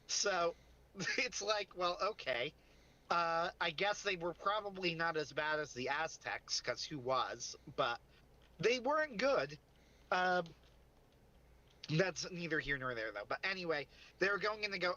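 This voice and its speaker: A man's voice: on the high side, lively intonation, unhurried, bright, forceful tone, lo-fi sound. A man co-hosting a casual livestream chat, rambling and interrupting himself, often breaking into laughs. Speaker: podcast co-host.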